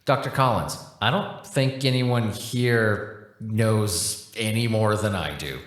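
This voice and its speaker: A man's voice: on the low side, takes it slowly, voice pushed down. Man playing a confused polite scientist, hesitant, sorry-sounding, echoey room. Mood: unsure. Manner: hesitant, unsure, apologetic. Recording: roomy echo.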